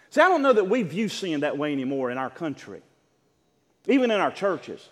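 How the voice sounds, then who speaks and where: High, lively preaching man in a reverberant hall. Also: brisk. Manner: impassioned, rhythmic Bible preaching. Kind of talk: sermon.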